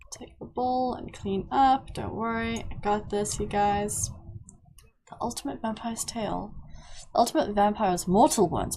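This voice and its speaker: A woman's voice: medium pitch, darkish tone, a little hiss or hum, low-quality recording. A woman, chatting casually to her game characters as she plays. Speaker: let's play host. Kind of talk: casual gameplay commentary.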